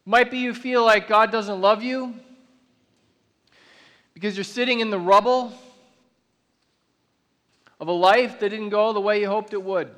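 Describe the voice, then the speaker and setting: High-voiced man preaching in a big hall. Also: fairly even intonation, fairly bright tone. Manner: earnest, builds to emphatic slow declarations. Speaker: pastor. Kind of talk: sermon. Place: large church auditorium. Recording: long reverb of a large hall.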